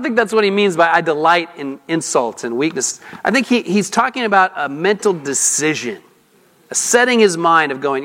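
A high-voiced man preaches a sermon in a loose, conversational way, often asking his listeners questions. His tone is bright and forward. The sound carries a long hall reverb. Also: expressive, moderate pace. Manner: conversational, asks the congregation questions, restarts often. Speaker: pastor.

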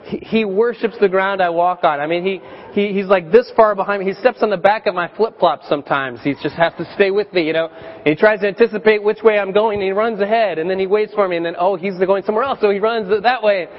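A man in his thirties preaching a sermon as a pastor, chatty and storytelling, with animated voiced quotes. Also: high voice, fast talker. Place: church sanctuary. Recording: dull church recording with long reverb.

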